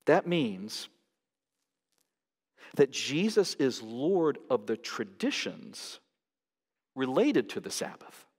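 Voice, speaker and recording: Man, pastor, sermon, emphatic, animated pitch, long church reverb. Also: slow, pauses often, slightly rough. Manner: emphatic, rises sharply in pitch to stress points. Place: large church sanctuary.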